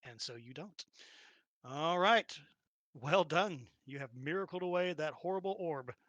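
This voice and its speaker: A man's voice: fairly high pitch, animated, unhurried, a bit bright, no echo, highs cut off. A man running a tabletop role-playing game as game master, narrating the action animatedly, laughing often and acting out little sounds.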